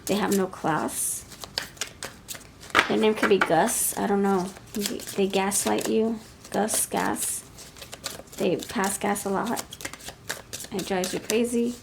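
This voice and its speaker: A woman reads tarot cards aloud, blunt and scolding as she thinks through each card. Her voice sits at an ordinary middle pitch for a woman. There is a faint hiss of noise behind her. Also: fairly even intonation, takes it slowly, vocal fry, pauses often. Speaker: tarot reader. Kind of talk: pick-a-card tarot reading.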